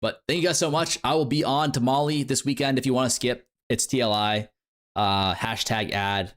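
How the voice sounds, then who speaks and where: In a slightly bright, medium-pitched voice with fairly even intonation and normal speed, a young man talks to his stream viewers while gaming. His chat is casual, rambling and playful, heavy on fillers.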